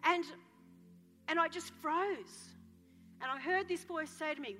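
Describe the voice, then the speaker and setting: Bright, high-voiced woman pastor preaching. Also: a little slow, long pauses. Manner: passionate, dramatic storytelling with shouts. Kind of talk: sermon. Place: church hall. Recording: reverberant hall with soft music.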